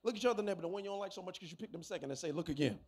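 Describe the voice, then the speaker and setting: A man in his thirties preaching a sermon, a father of a preteen daughter, with sudden loud bursts and asides to the congregation. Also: high-pitched, rapid-fire, breathy edge. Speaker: pastor.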